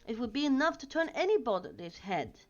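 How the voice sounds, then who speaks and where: A woman reading aloud and voicing a calm, kindly old male wizard in a measured, unhurried way, on a dull lo-fi recording with faint music. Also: a little high, pitched above the performer's own voice. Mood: earnest.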